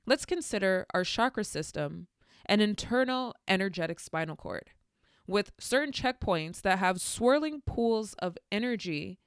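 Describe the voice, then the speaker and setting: A woman's voice: medium pitch, smooth, no echo, clean studio sound. A young adult woman hosting a solo podcast, speaking candidly and telling stories with spiritual musings. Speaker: podcast host. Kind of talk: reflective solo podcast monologue.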